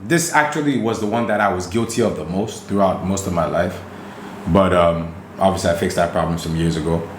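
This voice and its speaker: A man with a lowish voice co-hosts a casual podcast, laying out dating advice in an emphatic, preachy way. His voice rings in a roomy, echoey space with a faint hiss behind it. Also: brisk. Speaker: podcast co-host.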